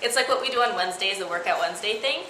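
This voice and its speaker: A woman's voice: mid-range voice, rapid-fire. A young woman chatting casually with a classmate in a vlog, bubbly and talkative. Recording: echoey room with steady background noise.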